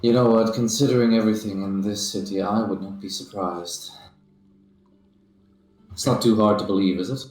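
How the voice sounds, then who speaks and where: A man with a fairly low voice, speaking in character in a tabletop game with formal, deliberate sentences. The sound is roomy, with faint music behind it. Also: steady tone, darkish tone. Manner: formal, measured phrasing. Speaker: player. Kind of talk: in-character tabletop role-play.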